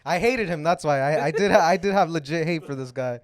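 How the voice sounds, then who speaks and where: A man's voice: on the high side, a little fast. A young man chatting as a podcast guest, laid-back and short-spoken. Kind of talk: casual chat.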